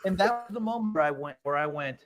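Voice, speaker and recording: A man appearing as a podcast guest, telling an anecdote in an excited, laughing way and acting out the voices of the people in it. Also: a little high, fast. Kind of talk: animated anecdote storytelling.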